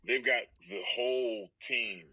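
A man from Texas, a voice actor guest, telling a story in a casual, animated way, with laughter and many restarts. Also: mid-range voice, slow pace, husky, dry recording, distant mic, muffled recording.

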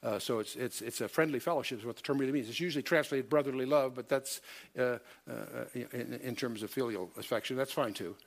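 With a medium-pitched voice, some vocal fry, and a slightly fast pace, a man teaches a Bible study emphatically. He quotes scripture in the old King James style and peppers his talk with fillers and self-corrections.

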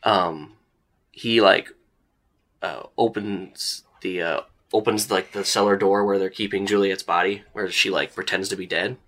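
A young man with a fairly low voice narrating a tabletop role-playing session as game master. He describes scenes in a relaxed, conversational way, padding his sentences with "like" and "uh". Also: unhurried. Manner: casual, lots of "like" and "uh" fillers.

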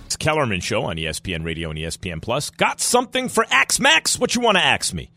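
Animated male sports radio host. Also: low-pitched, music in the background. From New York. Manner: animated, rambling, quick asides and laughs.

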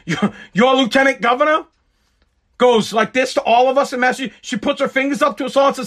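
A man's voice: very high voice, brisk, a bit bright. A man giving a profane, angry rant, blunt and sarcastic in his commentary.

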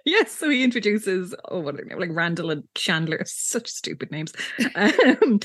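A woman co-hosts a podcast, recapping a TV episode in casual chat while laughing often and swearing casually. Her mid-range voice is very animated and fairly bright at a moderate pace, with clean studio quality and no room sound.

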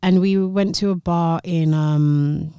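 A woman's voice: lowish voice, slow pace, clean tone, no echo, clean studio sound. A young woman chatting casually, outspoken and full of likes. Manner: animated, outspoken, frequent likes. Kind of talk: casual chat.

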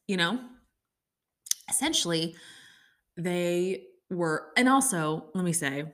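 A woman's voice: on the low side, lively intonation, takes it slowly, pauses often, a bit bright. A woman in her thirties hosting a casual talk show, ranting sarcastically and filling her talk with "like". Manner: chatty, sarcastic ranting with many likes. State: upset stomach. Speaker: podcast host. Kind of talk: casual chat.

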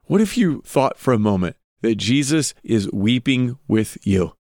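A man's voice: mid-range voice, expressive, a little slow, a little mellow, dry recording, clean studio sound. Earnest man giving devotional Bible teaching. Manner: earnest, asks listeners direct questions.

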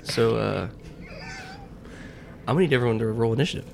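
A man's voice: mid-range voice, fairly quick, gravelly, slight background noise. A man running a tabletop game as game master, joking loosely and tripping over words as he narrates.

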